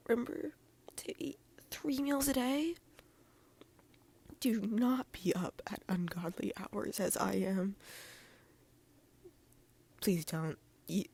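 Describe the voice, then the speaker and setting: A woman reading fan fiction aloud as a podcast host, soft-spoken and often sliding into a near-whisper, with gushy, affectionate asides to her listeners. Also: on the high side, creaky, slightly rough.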